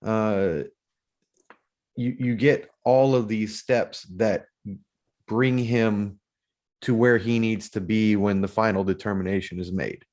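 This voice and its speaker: A man's voice: fairly low pitch, steady tone, slow, pauses often, a little mellow. A man co-hosting a podcast, discussing a book series casually and making his points emphatically, repeating phrases. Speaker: podcast co-host.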